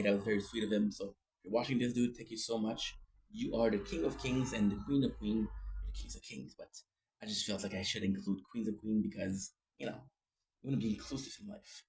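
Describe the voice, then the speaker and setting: A man's voice: fairly low pitch, brisk, vocal fry, darkish tone. A man, short on sleep, rambling goofily through a daily video diary and joking around. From Canada. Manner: goofy, rambling, breaks into sung bits and jokey voices. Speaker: vlogger.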